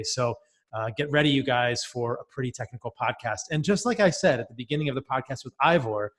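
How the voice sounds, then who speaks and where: Brief: male podcast host, mid-pitched, eager and upbeat delivery. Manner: enthusiastic, upbeat. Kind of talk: podcast interview and ad read.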